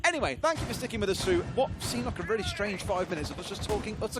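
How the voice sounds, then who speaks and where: A man's voice: high-pitched, expressive, background noise. A man, an esports caster who teases his partner and laughs easily. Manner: playful, teasing, quick to laugh. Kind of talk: casual co-caster banter.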